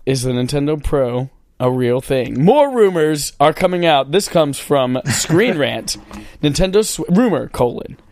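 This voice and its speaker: A man's voice: fairly high pitch, lively intonation, a little slow, hardly any pauses, darkish tone, no room sound. Joking male podcast host, voice still recovering. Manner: joking, playful. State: recovering from lost voice. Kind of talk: casual gaming podcast chat.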